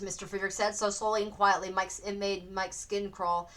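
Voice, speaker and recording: Expressive woman teacher reading a story. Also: medium pitch, fast talker, few pauses. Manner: expressive, acts out the characters. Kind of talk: storybook read-aloud narration.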